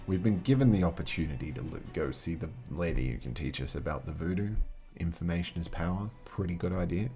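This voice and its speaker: A man's voice: low voice, lively intonation, a little fast, few pauses, warm tone, faint music behind. A man playing a solo tabletop adventure book, reading the text aloud and chatting casually with his viewers. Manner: chatty, reads game text aloud, talks to chat. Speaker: game master.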